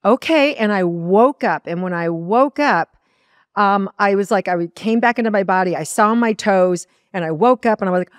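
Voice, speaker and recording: Speaking at normal speed in a mid-range voice, a spiritual teacher from Iowa earnestly tells a personal story during a podcast interview. She acts out her own earlier words and inner thoughts with animation, in a studio-quality recording with no room sound.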